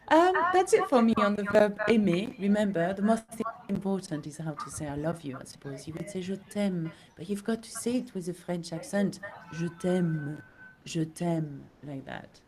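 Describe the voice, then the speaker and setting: A woman teaching a French lesson, speaking slowly and checking in with the listener often. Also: mid-range voice, animated, darkish tone, low-quality recording. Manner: slow, teacherly, often asks okay. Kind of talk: recorded language lesson.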